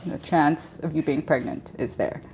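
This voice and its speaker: A woman in her thirties telling her own pregnancy story as an interview guest, lively, laughing often and acting out the dialogue. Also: sits low, normal speed, a little hiss or hum. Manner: animated, laughs often, acts out quoted dialogue. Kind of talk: emotional personal storytelling.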